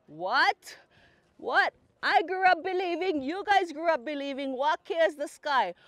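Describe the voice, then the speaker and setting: A woman's voice: sits high, lively intonation, a little slow, fairly bright tone, no room sound. A woman teaching a group outdoors, explaining patiently and leading chanted verses. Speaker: cultural teacher.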